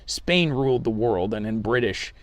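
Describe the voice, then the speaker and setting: A man's voice: medium pitch, lively intonation, normal speed, dry recording. A man as an interview guest, telling travel stories loosely with hedges and restarts. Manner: loose storytelling, hedging, many restarts. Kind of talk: casual chat.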